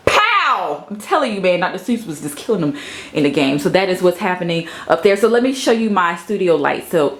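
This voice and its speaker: A woman's voice: big pitch swings, a little fast. A woman in her thirties giving a casual, playful tour of her home office studio, talking to the camera and sometimes to her cat. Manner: chatty, playful, breaks into high baby-talk with her cat. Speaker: vlogger.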